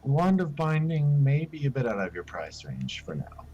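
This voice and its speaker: A man voicing a calm, stubborn male shopkeeper who stays matter-of-fact and firm on price. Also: fairly high pitch, normal speed, slightly rough, lo-fi sound.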